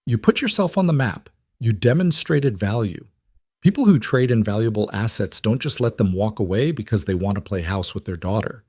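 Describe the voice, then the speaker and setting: A man voicing a crisp commanding female colonel. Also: lowish voice, lively intonation, normal speed, darkish tone, dry recording. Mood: cool commanding. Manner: cool, clipped, controlled.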